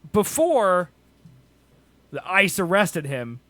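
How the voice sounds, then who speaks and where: Lively high-voiced podcast host. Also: male voice, slow, no echo. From Kansas. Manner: joking, laughs often. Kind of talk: casual chat.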